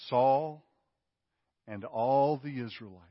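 A man's voice: medium pitch, slow, dry recording, in a large hall, lo-fi sound. A man preaching a sermon in an emphatic, conversational way, often checking in with his listeners. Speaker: pastor.

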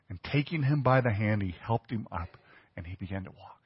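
A man's voice: on the low side, animated, a little fast, husky. A man preaching a sermon in a conversational way, asking the congregation questions. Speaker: pastor. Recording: dull lo-fi church recording with long reverb.

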